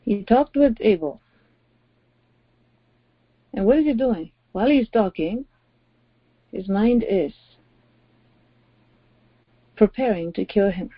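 A woman's voice: mid-range voice, lively intonation, takes it slowly, pauses often, breathy edge, no echo. A woman pastor preaching a sermon, stressing her points by repeating phrases. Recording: dry, dull lo-fi audio.

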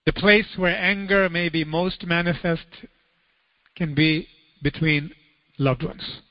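A male pastor preaching a sermon, telling stories in an animated way and acting out the voices with sudden high cries. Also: slow, no echo, in a large hall, dull audio.

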